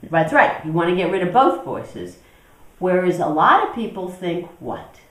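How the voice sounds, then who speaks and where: A woman spiritual teacher with a lowish, a bit bright, sing-song voice leads an interactive talk with a group in a teaching room, questioning her audience and acting out inner voices at a moderate pace. The room is echoey and the mic is distant.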